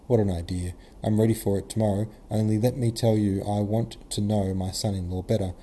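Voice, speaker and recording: A man voicing a gruff, imperious old male prince in a novel reading, blunt and commanding. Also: on the low side, fairly even intonation, brisk, warm tone, slight background noise, lightly acted. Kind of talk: audiobook character reading.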